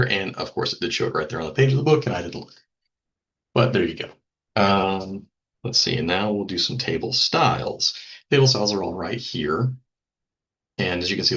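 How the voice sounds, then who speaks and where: A man with a very low voice talks through a software tutorial step by step, relaxed and thinking aloud, with ums and small slips he corrects as he goes. The audio is a bit dull and lo-fi, like a simple computer mic. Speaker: instructor. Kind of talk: screen-recorded software tutorial.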